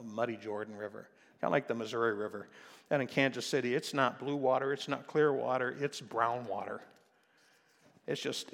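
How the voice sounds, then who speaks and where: A male pastor preaching a sermon, swinging from quiet explanation to loud, emphatic passages. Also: medium pitch, in a large hall. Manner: preaching with rising intensity, shifting from quiet to loud.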